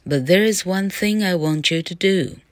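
Woman voicing a kind fairy godmother, low voice, slow storybook reading, dry close sound. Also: no echo, lightly acted. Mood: kindly.

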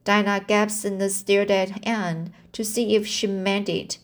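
A woman reads a classic novel aloud at a slow, careful pace. She stumbles often, backing up with fillers and restarts, and her pitch sits in the middle range. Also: little pitch movement. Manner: halting, with slips, fillers and restarts. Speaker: amateur reader.

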